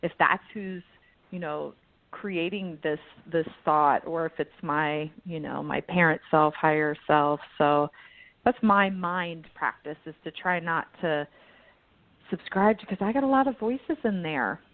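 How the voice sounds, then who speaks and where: Low-voiced woman laughing over a phone line. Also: unhurried, no echo. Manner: candid, laughs often, animated swings in pitch. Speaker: guest healer. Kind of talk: casual spiritual discussion.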